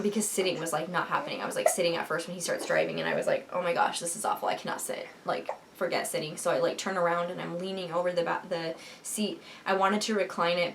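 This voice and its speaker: A woman's voice: lowish voice, slight background noise. A young woman casually telling the story of giving birth, rambling with lots of fillers and restarts. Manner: rambling, many fillers and restarts, emotional retelling.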